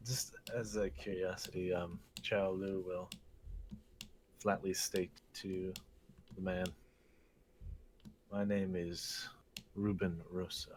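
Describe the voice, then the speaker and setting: A man playing a tabletop game, hesitant and halting, with keyboard clicks faint behind. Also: deep voice, little pitch movement, a little hiss or hum. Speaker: player. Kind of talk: casual tabletop play.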